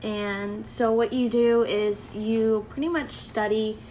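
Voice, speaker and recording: A woman's voice: fairly high pitch, fairly even intonation, slow pace, dark tone, slight background noise, poor audio. A young woman telling a personal story to camera in a casual, chatty way, full of fillers and quoted dialogue. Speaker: vlogger.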